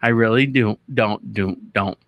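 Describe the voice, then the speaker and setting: Male talk-show host, bright tense voice, rambling self-interrupting monologue. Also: on the low side, a little slow. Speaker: podcast host. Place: radio studio.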